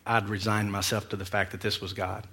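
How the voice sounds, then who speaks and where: A man's voice: fairly low pitch, level tone, brisk, bright, forceful tone, husky. A man preaching as a pastor, telling a personal story with humor and self-mocking asides. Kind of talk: storytelling sermon.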